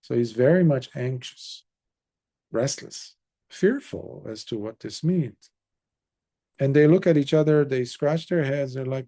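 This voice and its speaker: A man's voice: medium pitch, moderate pace, dark tone. A man, a Buddhist monk, telling a story in a conversational dharma talk with casual asides.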